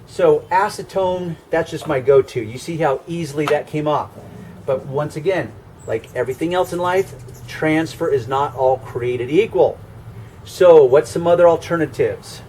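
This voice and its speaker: A man's voice: fairly high pitch, normal speed, mellow, slight background noise. A man teaching car scratch repair in a hands-on demonstration, explaining step by step in a conversational, emphatic way. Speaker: car detailing instructor.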